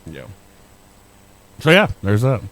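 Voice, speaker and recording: A man's voice: lowish voice, huge pitch swings, slow, a bit bright. A middle-aged man co-hosting a podcast, telling a rambling, profane, self-deprecating story in casual chat. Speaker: podcast co-host.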